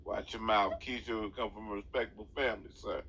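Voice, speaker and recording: A man's voice: on the low side, steady tone, a little fast, pushed and bright, a little hiss or hum. A man hosting a comedic phone call, trading mocking, laid-back street talk with the caller. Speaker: host.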